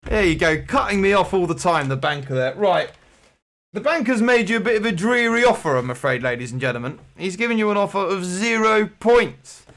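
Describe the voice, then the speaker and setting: A man's voice: high voice, animated, brisk, fairly bright tone. A man hosting an online quiz with jokey, rambling game-show patter. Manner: jokey, rambling, playful showman.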